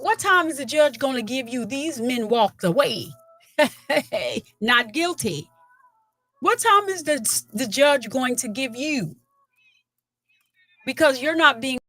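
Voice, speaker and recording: Indignant woman livestreamer, chatty. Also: high-pitched. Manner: animated, indignant, chats with viewers. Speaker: livestream host. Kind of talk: casual livestream talk.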